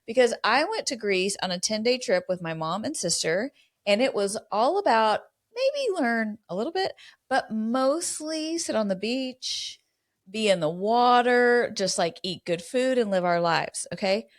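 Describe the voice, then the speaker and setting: A middle-aged woman, co-hosting a podcast, mixing casual chat with Bible teaching in an animated storytelling way. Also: fairly high pitch, a little slow. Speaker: podcast co-host.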